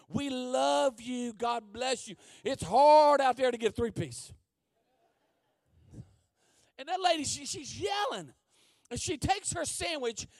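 A man preaching a sermon as guest preacher, telling a comic story and swinging from hushed asides to shouting. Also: extremely high pitch, no echo, studio quality.

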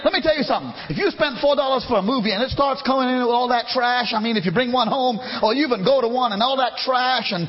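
A man preaching a fiery sermon in a church, shouting at times and calling on the congregation to respond. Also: extremely high pitch, animated, fast, few pauses, breathy edge. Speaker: pastor. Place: church sanctuary. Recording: dull lo-fi church recording.

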